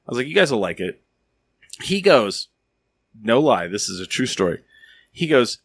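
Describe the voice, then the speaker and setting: A man's voice: mid-range voice, normal speed, long pauses, breathy edge, dry recording. A man hosting a podcast, chatting casually and telling stories animatedly, acting out the voices of people he quotes. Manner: animated storyteller, acts out quotes. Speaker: podcast host. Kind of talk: casual chat.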